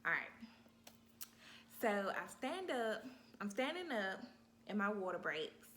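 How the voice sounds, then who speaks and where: A woman vlogger telling a story in a casual, animated way, talking straight to her viewers. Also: medium pitch, slow, slight background noise. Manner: animated, talks straight to viewers, acts out her own cries.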